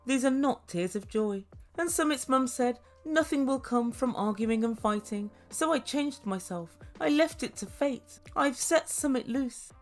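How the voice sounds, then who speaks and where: A woman's voice: high voice, expressive, unhurried, hardly any pauses, soft background music. A woman giving a sarcastic, swear-filled recap of a reality show, laughing at her own jokes. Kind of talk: casual commentary recap.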